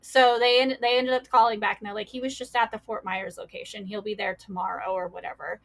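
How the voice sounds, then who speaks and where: A woman's voice: medium pitch, steady tone, fairly quick. A young adult woman, a podcast guest, telling a painful personal story with many fillers and quoted voices.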